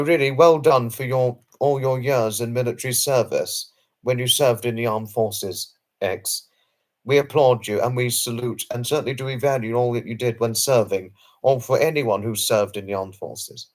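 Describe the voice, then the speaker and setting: In a mid-range voice, a livestream host works through viewers' chat messages late at night. He comes across as earnest, formal and effusive, apologizing a lot and often repeating himself.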